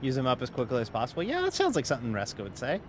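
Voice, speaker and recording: A man's voice: medium pitch, huge pitch swings, rapid-fire, noisy background. A man casually commenting while streaming a sim race, rambling and joking and laughing often.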